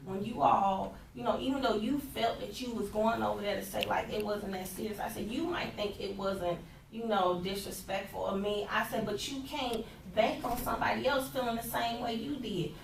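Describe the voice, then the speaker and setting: A woman's voice: mid-range voice, steady tone, normal speed, gravelly, few pauses. Woman, circle participant, earnest and explanatory; distant mic, roomy echo. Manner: reflective, explaining, with frequent "like" and "you know". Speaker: participant in a restorative conversation circle. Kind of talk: earnest group discussion. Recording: echoey room, distant mic, faint background noise.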